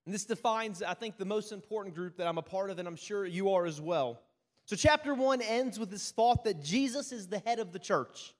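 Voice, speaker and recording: A man's voice: sits high, animated, normal speed, in a large hall. A man preaching a sermon, mixing self-mocking stories with Bible reading and often asking "right?". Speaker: pastor.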